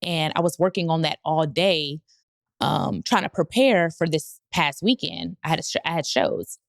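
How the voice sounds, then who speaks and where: A woman hosting her own podcast, telling a candid personal story in a lively, laughing way and acting out other people's lines. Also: sits low, normal speed, gravelly, no echo, clean studio sound. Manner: animated, quotes others in voices, laughs often. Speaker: podcast host and comedian.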